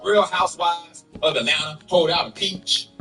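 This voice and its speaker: A man doing a loud, animated stand-up comedy set and laughing at his own jokes. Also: on the high side, moderate pace, distant mic, soft background music.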